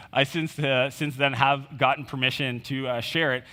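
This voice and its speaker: A man speaks at a medium pitch with fairly even intonation and a measured pace, his tone bright and forceful. He's delivering a conference keynote from a stage in a large hall, recounting a personal story conversationally with fillers and quoted dialogue. The recording carries the reverb of the hall.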